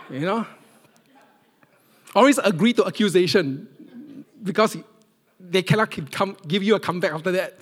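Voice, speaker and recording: A middle-aged man from Singapore, preaching a sermon. He tells stories with big swings from loud emphasis to near-whispers. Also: sits high, normal speed, pauses often, in a large hall. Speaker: pastor.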